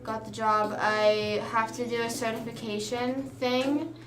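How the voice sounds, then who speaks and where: A woman's voice: a little high, little pitch movement, unhurried. A young woman streaming live, chatting casually and telling a rambling story with quoted back-and-forth while she games. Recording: roomy room with music playing.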